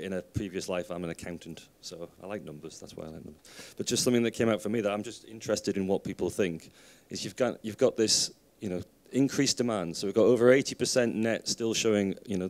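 Fella in the audience making a point about numbers, lowish voice, measured. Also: male voice, darkish tone. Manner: measured, builds an argument from numbers. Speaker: audience member. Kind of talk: audience comment.

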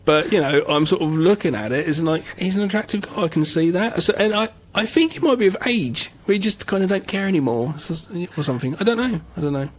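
A man's voice: sits high, lively intonation, a little fast, hardly any pauses. A man co-hosting a casual podcast, rambling jokily and swearing casually. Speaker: podcast co-host. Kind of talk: casual chat.

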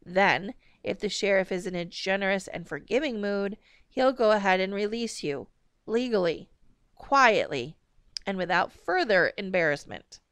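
A stern, exasperated mother, curt and controlled, as a woman reads her. The voice is smooth and resonant, close and dry. She talks tersely, with cross edges. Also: medium pitch, animated, normal speed, a bit bright, no echo, lightly acted.

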